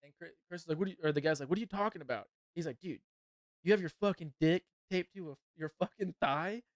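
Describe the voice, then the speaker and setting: A man's voice: a little high, fast talker, dry recording, clean studio sound. A young man hosting a podcast, telling a profane story with lots of laughter, then commenting on a fight. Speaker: podcast host.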